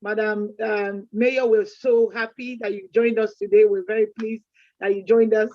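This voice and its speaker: A woman's voice: mid-range voice, little pitch movement, normal speed, no echo. A woman co-hosting a community event, chatty and full of proverbs, restarting her sentences often. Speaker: event co-host. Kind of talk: closing remarks at a community event. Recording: dull lo-fi sound.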